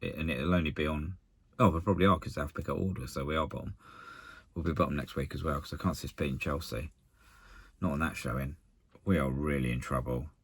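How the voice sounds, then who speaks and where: A man giving a casual, exasperated post-match rant to camera as a football fan, blunt and halting, often restarting his sentences. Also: very deep voice, fairly even intonation, husky, no echo. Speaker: football fan channel contributor.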